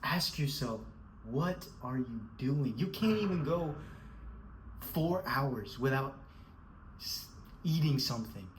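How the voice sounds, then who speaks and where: Dude lecturing hard, blunt and repetitive, calls you bro a lot, faint hiss behind. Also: male voice, medium pitch, lively intonation, slow pace, pauses often, low-quality recording. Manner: scolding, emphatic, repetitive, calls listener bro. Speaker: motivational speaker. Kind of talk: motivational rant to camera.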